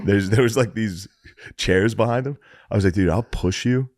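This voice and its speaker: A man's voice: fairly low pitch, fairly quick, darkish tone, dry recording, studio quality. A man, co-hosting a podcast in casual chat, telling stories with frequent laughs and swearing. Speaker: podcast co-host.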